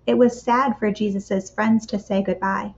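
A woman reading a picture book aloud to children for a church kids' club, with expressive, measured storytelling and dramatic pauses. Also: mid-range voice, slight background noise. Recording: slightly dull lo-fi recording.

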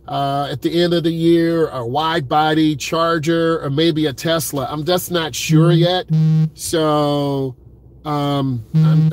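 A man chatting casually to viewers on a live stream from his car at an airport pickup lane, laid-back and direct. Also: on the high side. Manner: laid-back, talks straight to viewers, repeats "keeping it real". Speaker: driving vlogger.

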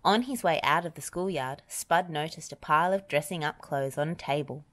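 A woman reading a children's picture book aloud in a slow, gentle way. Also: low-pitched. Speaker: storybook reader.

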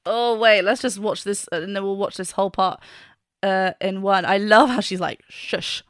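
A woman's voice: medium pitch, steady tone, moderate pace, clean tone, faint music behind. A woman, a vocal coach reacting to a song and explaining singing technique with enthusiasm. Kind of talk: reaction video with vocal analysis.

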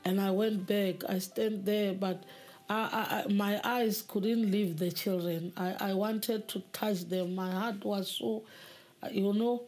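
A woman telling her personal testimony in a halting way, often repeating words as she goes. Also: medium pitch, fairly even intonation, darkish tone. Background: faint music.

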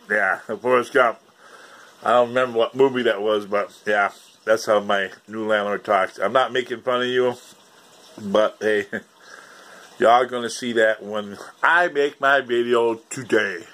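Male YouTuber, slow, rambling, swings up and down in pitch. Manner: rambling, laughing, swearing, lively pitch swings. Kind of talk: casual rambling vlog.

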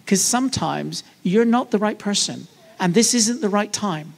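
A man's voice: high-pitched, lively intonation, moderate pace, gravelly. Male preacher, joking asides, conversational sermon, church service. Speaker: guest preacher.

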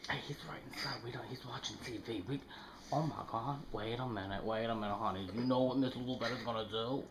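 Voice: mid-range voice, very animated, fairly quick, echoey room, noisy background, lightly acted. A performer playing a sassy, gossiping middle-aged aunt who exclaims dramatically and talks slangy and blunt in a home-video comedy skit. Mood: scheming. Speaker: comic skit character.

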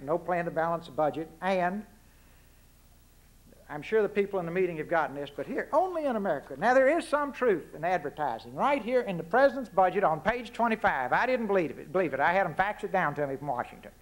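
Talking fast in a high voice with big swings in pitch, a Texan guest speaker gives a folksy political speech to a forum audience. He peppers it with punchy rhetorical questions and side remarks.

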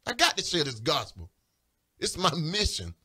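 Man, slightly high voice, emotional, pleading, repetitive, spiritual testimony. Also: huge pitch swings, normal speed, bright, forceful tone, slightly rough. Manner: emotional, pleading, repeats himself. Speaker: caller giving a religious testimony. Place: radio studio or phone-in.

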